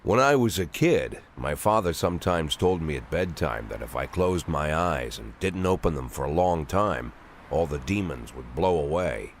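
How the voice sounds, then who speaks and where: A man's voice: a bass voice, lively intonation, normal speed, a little hiss or hum. A man voicing a world-weary police chief of sixty, narrating the game in a dry, sardonic inner monologue. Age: 60s. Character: aging gruff male police chief, cynical, world-weary.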